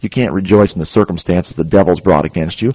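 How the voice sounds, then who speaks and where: A man's voice: sits low, fast talker, slightly rough, no echo, dull audio. A man preaching a sermon, urging his listeners in an earnest, exhorting way and often adding "praise God.".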